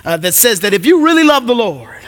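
Bright-voiced man preaching in a hall. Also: extremely high pitch. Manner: earnest, animated preaching with dramatic pauses. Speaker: pastor. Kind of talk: sermon. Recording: echoey hall.

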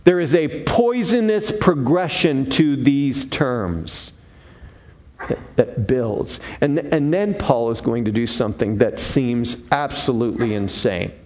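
A man preaching a sermon, defining terms one by one with deliberate, emphatic pauses. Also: mid-range voice, lively intonation, a little mellow. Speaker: pastor.

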